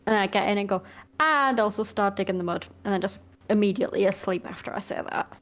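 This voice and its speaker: A woman's voice: mid-range voice, fast. Playful young woman at a tabletop game. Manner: playful, deadpan jokes. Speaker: player.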